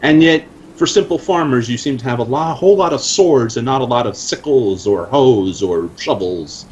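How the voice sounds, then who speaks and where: A man's voice: mid-range voice, animated, moderate pace, darkish tone, lo-fi sound, a little hiss or hum. Earnest man playing a tabletop game. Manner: earnest, formal in character. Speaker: player. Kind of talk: in-character tabletop play.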